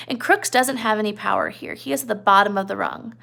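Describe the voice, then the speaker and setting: A woman's voice: mid-range voice, quick pace, vocal fry, sharp tone. A woman teacher giving a conversational classroom lecture, retelling a novel with asides and checks on her listeners.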